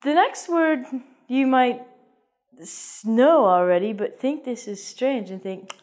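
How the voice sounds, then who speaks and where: A woman's voice: fairly high pitch, lively intonation, unhurried, a little mellow. A woman teaching an English vocabulary lesson in a playful, jokey way, with theatrical asides.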